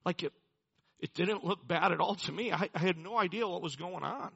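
A man's voice: high-pitched, a little fast, creaky, a bit bright, breathy edge, lo-fi sound. A man preaching a sermon, telling a personal story in an earnest way and building to emphatic preaching. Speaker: pastor.

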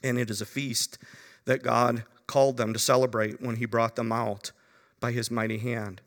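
A man's voice: medium pitch, level tone, moderate pace, a bit bright, in a large hall. A man preaching a Bible-teaching sermon, talking to his listeners conversationally with frequent asides.

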